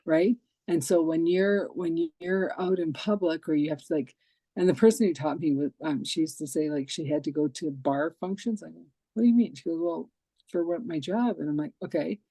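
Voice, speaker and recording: Mellow-voiced woman host telling stories. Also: deep voice, brisk, dry recording. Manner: lively storyteller acting out quoted dialogue. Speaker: podcast host. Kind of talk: casual interview chat.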